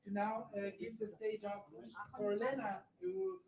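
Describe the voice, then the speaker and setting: Host saying what's next, lots of uhs, far off in an echoey loud room. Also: medium pitch, lively intonation, measured pace, heavy background noise. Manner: hesitant, lots of fillers. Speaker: event host. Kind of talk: announcing the next segment.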